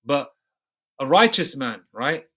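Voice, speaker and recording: A man's voice: medium pitch, big pitch swings, a bit bright. Slang-heavy, emphatic male preacher. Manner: reads verses slowly and deliberately, then comments in loose street slang; emphatic, repeats points with "okay?" and "man". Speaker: bible teacher. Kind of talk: scripture study sermon.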